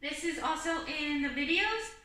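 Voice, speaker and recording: A woman teaching an online kindergarten class, slow and patient, talking to young children and singing simple teaching songs. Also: high voice, expressive, bright, forceful tone, very echoey, far from the mic, low-quality recording.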